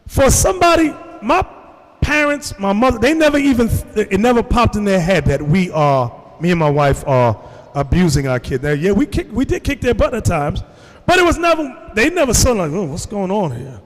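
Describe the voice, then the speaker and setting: A man's voice: sits high, animated, moderate pace, big-room sound. A man preaching to a congregation, telling stories and addressing the room directly. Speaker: religious teacher. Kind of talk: sermon to a congregation.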